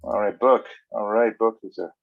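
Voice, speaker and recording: A low-pitched man from Canada hosts a relaxed online chat with friends. He talks in an easygoing, halting way, full of "uh" and restarts. The audio sounds dull and lo-fi. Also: vocal fry. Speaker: livestream host. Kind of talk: casual group chat. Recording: muffled lo-fi audio.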